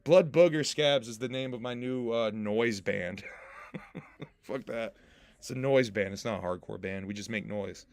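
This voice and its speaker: A man's voice: medium pitch, unhurried, no room sound. A man hosting a casual livestream podcast, joking with his chat, laughing often and swearing freely. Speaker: podcast host and rapper.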